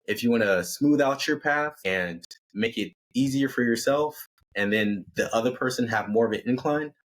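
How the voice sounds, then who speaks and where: A man's voice: mid-range voice, normal speed, lightly acted. A man voicing a mountain guide who gives instructions in a matter-of-fact way, in a told story. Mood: instructive.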